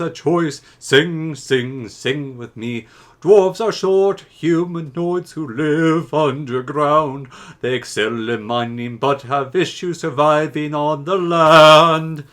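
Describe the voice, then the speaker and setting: Rousing male dwarf bard, played by a man, loud, slow and higher than his usual voice. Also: husky, exaggerated voice. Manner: loud, chanting, drawn-out delivery. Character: boisterous male dwarf chanting a drinking song. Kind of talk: theatrical in-character reading.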